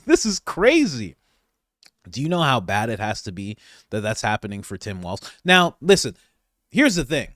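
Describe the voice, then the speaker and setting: Animated, laughing male commentary host. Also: on the high side, moderate pace, no room sound, studio quality. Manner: animated, laughing, swings from loud to mumbled asides. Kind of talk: comedic political commentary.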